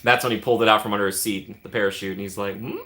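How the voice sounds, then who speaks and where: A man's voice: lowish voice, fairly even intonation, rapid-fire, bright, forceful tone, slight background noise. A man hosting a casual livestream, rambling and chatty, laughing often and thanking viewers by name. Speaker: livestream host.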